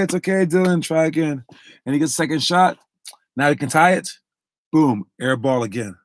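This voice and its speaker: A man's voice: a little high, no room sound, studio quality. A man who coaches basketball, talking casually on a live stream, lecturing through a story and acting out the quotes.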